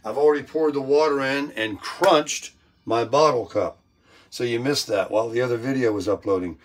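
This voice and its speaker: An older man hosting a casual vlog while cooking in his camper, upbeat and self-amused, his voice a bit hoarse with frequent throat clearing. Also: medium pitch, normal speed, rough recording. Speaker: vlog host. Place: camper kitchen. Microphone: phone on a selfie stick. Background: bacon frying.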